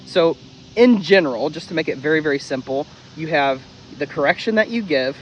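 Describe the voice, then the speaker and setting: A man's voice: a little high, expressive, brisk, highs cut off, a little hiss or hum. A man who trains dogs, explaining correction step by step in a blunt, casual way. He swears freely and repeats key steps in a drill-like rhythm. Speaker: dog trainer. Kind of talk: casual instructional talk.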